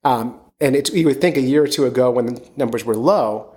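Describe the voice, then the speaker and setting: A man from near Philadelphia hosts a fishing podcast in an easygoing, rambling way. He talks at an ordinary middle pitch and speeds up in quick bursts. He often loops back on his words. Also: warm tone. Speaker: podcast host and fishing guide. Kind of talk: casual podcast chat.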